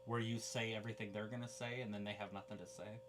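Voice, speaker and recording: A woman's voice: a bass voice, fast talker, slight background noise. A woman co-hosting a casual live watch-along of a wrestling show, bantering and joking. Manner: animated, jokey banter. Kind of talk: casual live reaction chat.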